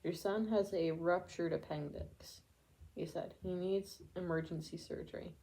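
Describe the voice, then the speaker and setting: A woman with a low, gravelly voice reads a book aloud. Her tone is dark and mellow. She keeps a steady pace, stumbling now and then and starting a word over. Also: measured pace, poor audio. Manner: steady reading with occasional stumbles and restarts. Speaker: audiobook reader. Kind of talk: amateur book reading aloud.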